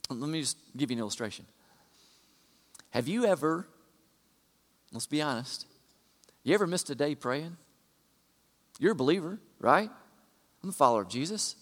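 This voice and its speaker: A male pastor delivering a sermon in a slightly high voice. He moves from soft, talky asides to loud, driving repetition. A long reverb trails his words, as in a big hall. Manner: builds from quiet asides to loud emphatic repetition.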